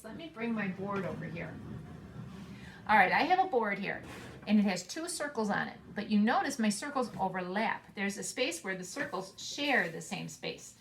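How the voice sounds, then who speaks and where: A woman preschool teacher reading a picture book aloud to young children in a slow, sing-song way, with playful voices for the animals. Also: medium pitch, a bit bright, a little hiss or hum. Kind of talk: storybook read-aloud for children.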